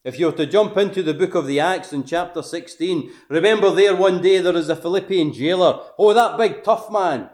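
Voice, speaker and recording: Emphatic preacher, higher-pitched man. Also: normal speed, few pauses. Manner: emphatic, rising to forceful peaks and dropping to hushed phrase endings; asks the listeners questions. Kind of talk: gospel sermon.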